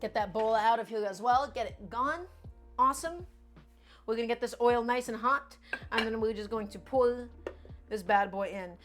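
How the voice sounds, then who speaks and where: A woman's voice: on the high side, normal speed, faint music behind. A woman streaming from her home kitchen, chatting and coaching viewers through each cooking step. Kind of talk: live-stream cooking chat.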